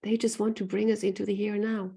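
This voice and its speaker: A woman's voice: mid-range voice, level tone, fast talker, vocal fry, mellow, husky. A woman who works as an animal communicator gives an earnest live online talk, reading from the chat and often asking "right?". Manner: earnest, repeats phrases, often asks "right?".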